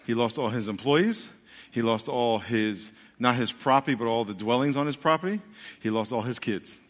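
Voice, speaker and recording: Animated preacher in a reverberant church. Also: male voice. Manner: animated storytelling, acting out messengers, then dropping to a low earnest hush. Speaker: pastor. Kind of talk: sermon. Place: large church sanctuary. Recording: church hall with long reverb.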